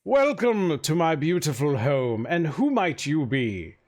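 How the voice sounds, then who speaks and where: A man's voice: fairly high pitch, big pitch swings, unhurried, a little mellow. A man voicing a fussy, effusive male town mayor who fawns over his guests in a tabletop game. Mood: gushing. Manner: effusive, overly polite host.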